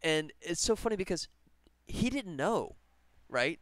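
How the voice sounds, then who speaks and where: Streamer guy, slightly high, smooth voice, close dry mic, rambling and enthusiastic. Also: lively intonation, unhurried, fairly bright tone, no room sound. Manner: rambling, enthusiastic, laughs often. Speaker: game developer streamer. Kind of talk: casual live stream chat.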